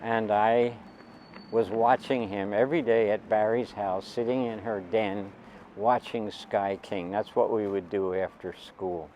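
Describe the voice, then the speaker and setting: A man's voice: lowish voice, fairly even intonation, unhurried, a little mellow, a little hiss or hum. A man in his seventies telling a personal story in a rambling, digressive way, with asides to the listener.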